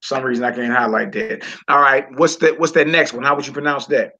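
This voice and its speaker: A man teaching a Hebrew reading class in a relaxed, informal way, talking to students while he works the screen. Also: mid-range voice, fast, a little hiss or hum. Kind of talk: casual online class lesson. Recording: lo-fi recording.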